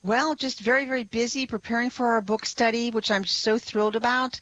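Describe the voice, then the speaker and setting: A woman who is a guest on a radio talk show, explaining her subject with warm enthusiasm and soft laughs. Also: fairly high pitch, steady tone, brisk, dry recording, lo-fi sound. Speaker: radio guest, blog writer. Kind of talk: radio interview.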